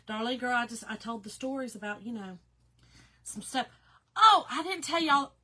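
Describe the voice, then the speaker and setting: A woman's voice: a little high, lively intonation, normal speed, sharp tone. A woman with a slightly nasal voice, chatting casually on a craft livestream and greeting viewers. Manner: chatty, emotional, reads viewer comments aloud.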